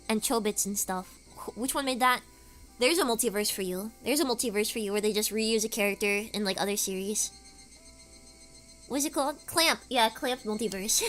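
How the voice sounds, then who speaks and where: A woman's voice: fairly high pitch, a bit bright. A woman streamer chatting casually, rambling through stories with lots of filler words. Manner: rambling, filler-heavy storytelling.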